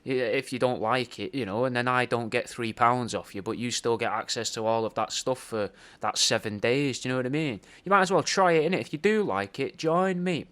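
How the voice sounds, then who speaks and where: A man's voice: medium pitch, brisk, few pauses, fairly bright tone. A man with a British accent hosting a podcast, delivering a rambling, sweary, conspiratorial comic monologue. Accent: British English. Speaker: podcast host.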